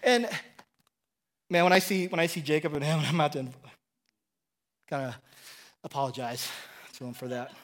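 Chatty middle-aged preacher, slightly high voice. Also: male voice, normal speed, long pauses. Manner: conversational storytelling, often asks "right?" and chuckles. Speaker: pastor. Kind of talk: sermon.

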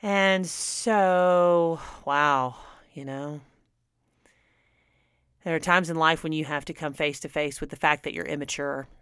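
Smooth-voiced earnest woman host. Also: deep voice, fairly even intonation, slow pace, long pauses, fairly bright tone, no room sound, clean studio sound. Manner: earnest, candid, laughs often. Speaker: radio host. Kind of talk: personal testimony talk.

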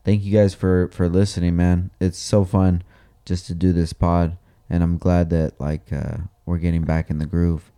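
A man's voice: low voice, little pitch movement, moderate pace, dark tone, clean tone. A man in his thirties co-hosting a podcast, chatting casually with loose slang and swearing. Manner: laid-back slang, swears freely. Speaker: podcast co-host. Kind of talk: casual chat.

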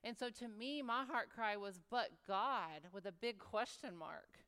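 Woman, sermon, emphatic rhetorical questions, higher smooth voice, long hall reverb. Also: normal speed. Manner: emphatic, rhetorical questioning, dropping to soft reflective tones.

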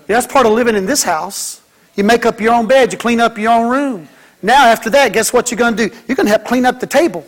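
A man's voice: very high voice, quick pace. A man preaching a sermon as pastor, folksy and joking, mimicking kids and church members.

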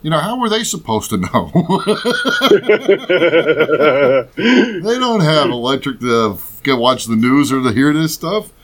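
A man's voice: fairly high pitch, sing-song, takes it slowly, a bit bright. A man co-hosting a casual podcast chat, reading a news story aloud with jokes and laughs and stumbling over words. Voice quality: beard. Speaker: podcast co-host.

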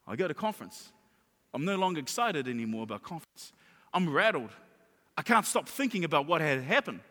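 A man's voice: on the high side, big pitch swings, brisk. A man preaching a sermon as a pastor, telling stories animatedly and repeating phrases for emphasis. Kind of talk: sermon with storytelling. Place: large church hall. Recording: reverberant church hall with live guitar. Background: soft guitar music.

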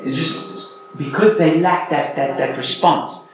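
A man, preaching in a relaxed, conversational way and often checking in with his listeners. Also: a little high, slow. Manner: earnest, encouraging, checks in with the audience. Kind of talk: conversational sermon. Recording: very echoey church hall.

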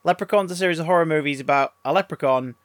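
A man trades sarcastic, sweary banter as a podcast co-host. His voice sits a little high. The recording is close and dry, with no room sound. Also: quick pace, dry recording. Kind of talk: casual chat.

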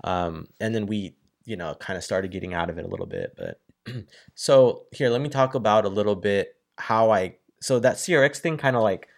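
A man in his thirties from Northern California, chatting casually and telling animated stories with casual swearing. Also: on the low side, normal speed, gravelly. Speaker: guest. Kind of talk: casual chat.

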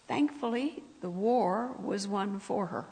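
A woman preaches at an unhurried pace, her voice croaky and gravelly with fry. She talks with the congregation in a conversational way, tossing them asides as she goes. The long reverb of a church hall rings around her words. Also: medium pitch, warm tone. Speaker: speaker at a church service. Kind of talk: sermon.

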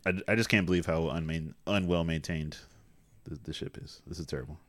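A man's voice: very deep voice, fairly quick, dry recording. A man co-hosting a casual movie recap chat, summing up the plot in a dry, understated way. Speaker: podcast co-host.

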